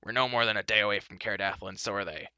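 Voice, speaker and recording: A man's voice: lowish voice, rapid-fire, pushed and bright, smooth, no room sound, lo-fi sound. A man voicing a grumpy, impatient dwarf who snaps and scolds in a storybook reading. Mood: scolding. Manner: snappish, scolding.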